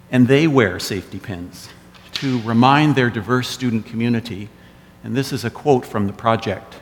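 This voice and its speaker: A man giving a sermon as pastor, telling stories with wry asides. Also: mid-range voice. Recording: echoey church hall.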